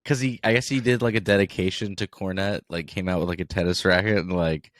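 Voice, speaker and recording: A young man with a low, deep voice chats on a podcast, wandering into side stories and filling them with "like". The sound is dry and close, with no room around him. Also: fairly even intonation, fast talker, dry recording. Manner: chatty, tells side stories with lots of "like". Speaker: podcast co-host. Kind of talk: casual chat.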